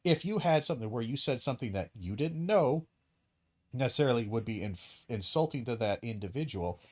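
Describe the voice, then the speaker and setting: Guy streamer going off on a rant, lots of swearing and stop-start sentences, normal pitch. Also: animated, brisk, darkish tone. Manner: heated, profane ranting with many restarts; acts out hypothetical dialogue in quoted voices. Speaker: streamer host. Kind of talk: live stream commentary.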